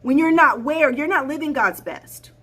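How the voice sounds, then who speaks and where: Blunt, high-voiced woman life coach. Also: animated, normal speed, bright, forceful tone. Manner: blunt, preachy, repeats phrases for emphasis. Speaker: life coach hosting her show. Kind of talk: livestream talk to viewers.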